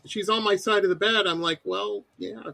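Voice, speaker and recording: A man's voice: high voice, fast, a little hiss or hum, rough recording. A middle-aged man hosting a radio interview, chatting casually and acting out his own rants as he tells stories. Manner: animated storyteller, acts out his own rants. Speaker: radio show host.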